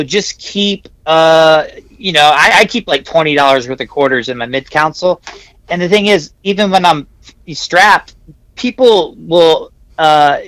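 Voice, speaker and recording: A man's voice: a little high, a bit bright, no echo, poor audio. A man co-hosting a podcast, rambling through casual stories with lots of restarts and "you know"s. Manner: rambling, many restarts and fillers. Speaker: podcast co-host.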